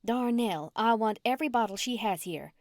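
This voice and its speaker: A woman's voice: animated, normal speed, darkish tone, dry recording, studio quality. A woman voicing a pushy, plump middle-aged female customer with a Southern accent who berates her husband. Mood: bossy. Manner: bossy, berating, shrill demands.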